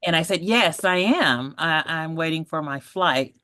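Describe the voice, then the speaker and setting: A woman in her forties telling her own story as a podcast guest, lively, laughing often and acting out the voices of people she quotes. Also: low-pitched, measured pace, no room sound, clean studio sound. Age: 40s.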